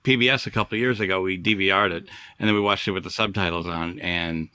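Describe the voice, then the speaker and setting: A middle-aged man hosting a casual podcast chat, rambling with halting restarts. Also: low-pitched, steady tone, sharp tone, clean tone, dry recording. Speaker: podcast host.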